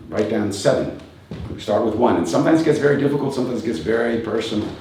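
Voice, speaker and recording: Low-voiced man in his fifties, echoey hall. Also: animated, quick pace, darkish tone. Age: 50s. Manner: reflective, asks rhetorical questions, chuckles often. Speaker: motivational speaker and coach. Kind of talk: live talk to an audience. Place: event venue with a live audience. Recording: very echoey room, distant mic, faint noise.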